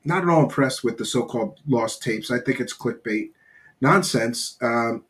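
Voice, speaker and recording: Casting: middle-aged male live-stream host, blunt and rambling, swears casually, mid-pitched voice. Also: moderate pace, fairly bright tone. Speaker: podcast host reading live chat.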